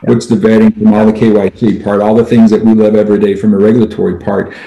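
A man's voice: lowish voice, little pitch movement, fast, vocal fry, dark tone, dull audio. A man from a credit union being interviewed, explaining in an upbeat way. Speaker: credit union executive guest. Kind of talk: interview conversation. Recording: roomy echo.

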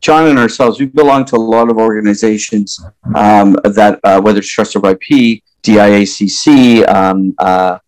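A man's voice: fairly low pitch, normal speed, darkish tone, dry recording, low-quality recording. A man being interviewed as a company executive, explaining ideas thoughtfully with many fillers and restarts. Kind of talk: interview conversation.

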